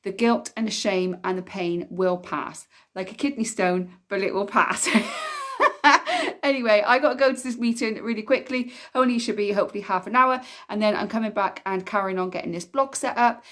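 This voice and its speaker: A woman's voice: mid-range voice, a little fast, hardly any pauses, a bit bright. A woman talking to camera in a casual vlog, reflective and candid, with frequent ums and trailing-off phrases. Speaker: vlogger.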